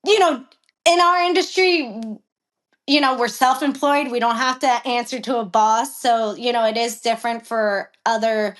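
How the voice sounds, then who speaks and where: A woman jockey in a casual interview, animated and blunt, acting out heated exchanges and swearing freely. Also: a little high, normal speed. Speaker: guest, professional jockey.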